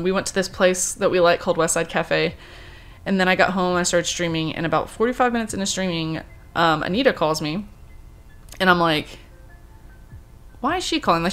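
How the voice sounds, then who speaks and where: Grieving woman telling a halting story. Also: lowish voice, a bit bright. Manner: halting, many fillers and restarts, recounting quoted talk. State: grieving, subdued. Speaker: vlogger. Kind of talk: personal storytelling vlog.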